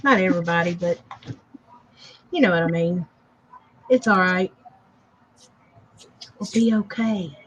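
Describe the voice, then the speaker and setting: Slow-talking giggly woman, muffled stream. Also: fairly low pitch, fairly bright tone, slight background noise. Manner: giggly, laughs often. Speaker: live stream co-host. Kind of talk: casual chat, reading out viewer comments. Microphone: online streaming call.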